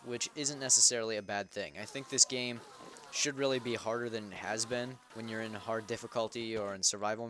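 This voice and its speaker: A man's voice: lowish voice, a bit bright, slight background noise. Chatty young man rambling over gameplay. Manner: rambling, self-correcting, chatty. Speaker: Minecraft server host. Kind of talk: casual gameplay commentary.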